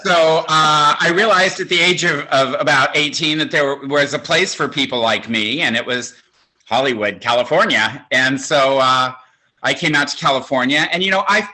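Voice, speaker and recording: A man's voice: fairly high pitch, moderate pace, pushed and bright. A man in his sixties doing a stand-up comedy set, with a campy, conversational, self-mocking delivery. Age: 60s. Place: home, virtual show.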